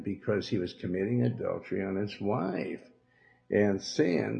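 A man's voice: on the low side, animated, a little slow, gravelly, dark tone. A man with a Southern US accent who leads a church, telling a rambling story in a preachy, denouncing way with many fillers and asides. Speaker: church leader hosting a religious program. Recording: muffled lo-fi recording.

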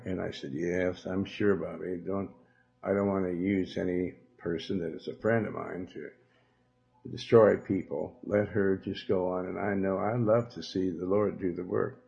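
A man's voice: sits low, steady tone, normal speed, gravelly, dark tone. A man with a Southern US accent who leads a church, telling a rambling story in a preachy, denouncing way with many fillers and asides. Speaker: church leader hosting a religious program. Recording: muffled lo-fi recording.

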